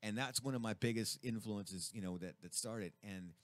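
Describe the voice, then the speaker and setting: A man hosting a radio show in a studio, chatting casually and excitedly, swearing constantly. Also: fairly low pitch, normal speed, dry recording.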